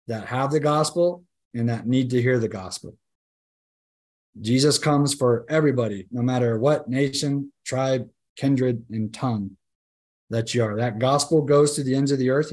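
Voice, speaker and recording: Teaching Bible study, this man talks to the group emphatically yet conversationally, often checking in with "right?" and starting sentences over. He has a mid-range, darkish voice.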